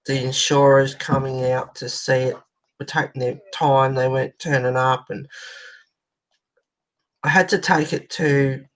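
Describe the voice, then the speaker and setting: A woman's voice: very deep voice, steady tone, measured pace, long pauses, poor audio. An Australian woman hosting a colouring channel, telling a long rambling story in casual chat as she colours, swearing now and then.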